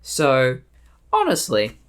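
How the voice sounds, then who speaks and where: An Australian woman tells a story on her vlog in a blunt, salty way, with plenty of swearing. Her pitch leaps around a lot as she talks. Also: slow pace. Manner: blunt, profane, animated storytelling. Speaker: vlogger.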